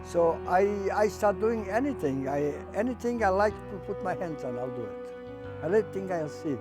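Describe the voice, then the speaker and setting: Older man giving halting testimony. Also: a little high, darkish tone. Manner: halting, repeats words, plain non-native English. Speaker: Holocaust survivor and artist. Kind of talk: personal testimony.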